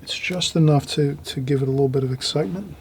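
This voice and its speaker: A man teaching a watercolour painting demonstration, talking gently as he paints and trailing off into quiet asides. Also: a little high, fast, slight background noise.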